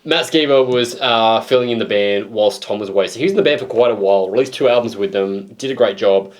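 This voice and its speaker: A man's voice: lowish voice, quick pace. A man with an Australian accent co-hosting a music reaction show, chatting casually and teasing his co-host. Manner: teasing, animated storyteller. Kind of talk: casual chat.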